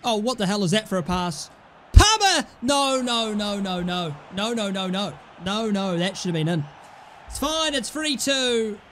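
A young man commentating his own football game play, excitable, grumbling at misses and yelling at goals. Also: sits high. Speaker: gaming YouTuber. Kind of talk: casual gameplay commentary.

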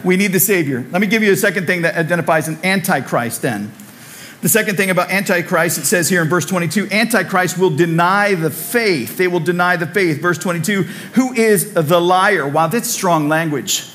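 Higher-voiced male pastor preaching. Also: normal speed, a bit bright. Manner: conversational preaching with humorous asides and repetition. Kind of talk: sermon. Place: church sanctuary.

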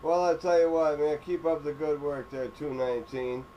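A man's voice: on the high side, flat delivery, moderate pace, muffled recording. A man from upstate New York chatting on CB radio, drawing out his call signs and sign-offs. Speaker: CB radio operator. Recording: noisy radio recording with clicks.

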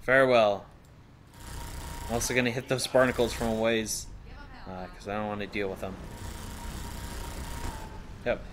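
A man's voice: lowish voice, little pitch movement, normal speed, long pauses, background noise. A man hosting a let's play, giving rambling, playful gameplay commentary and joking at his own expense. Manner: rambling, playful, jokes at himself. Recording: game sounds under the voice.

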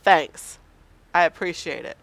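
A woman's voice: low-pitched, measured pace, creaky, no echo. A woman playing a horror game and commenting casually, nervous and self-mocking, talking to the game. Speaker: let's play gamer.

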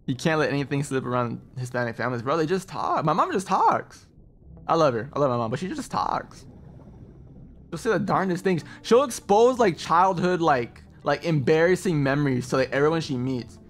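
A man's voice: a little high, expressive, moderate pace. A man streaming a game and chatting casually, telling stories animatedly, laughing often and calling people bro. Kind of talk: casual gaming stream chat.

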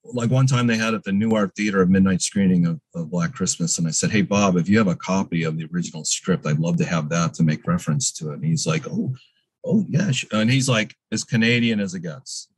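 A man's voice: deep voice, fast talker, few pauses, slightly rough, no echo, low-quality recording. A man guest in a casual interview, telling rambling stories full of fillers and restarts.

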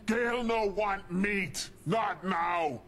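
An actor plays an enormous, angry super mutant for a video game, speaking in a high, exaggerated voice at a slow pace. The character is furious and desperate, talking in broken speech, referring to himself in the third person, and breaking into shouts.

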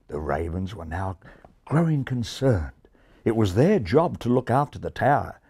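A man reading a children's storybook aloud in a measured way. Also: fairly low pitch, big pitch swings, a little mellow, slightly rough. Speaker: narrator. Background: faint music.

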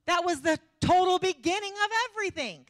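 A woman's voice: very high voice, a little fast, no room sound. A woman preaching a humorous sermon, telling stories animatedly and laughing often. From Texas. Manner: animated, self-mocking storytelling with frequent laughter.

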